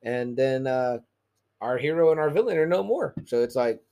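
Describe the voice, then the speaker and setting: A man's voice: medium pitch, expressive, moderate pace, warm tone, highs cut off. A man retelling a show in loose, casual conversation. He talks with eager energy and swears freely. He laughs easily as he goes. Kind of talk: casual chat recapping a show.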